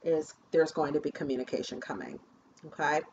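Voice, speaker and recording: A woman's voice: low-pitched, lively intonation, fairly quick. A woman giving a spiritual tarot reading, effusive and chatty, calling viewers "my loves" and checking in with "okay?". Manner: effusive, addresses viewers as "you guys" and "my loves", tags lines with "okay?". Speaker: shaman and tarot card reader. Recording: muffled lo-fi recording with faint hiss.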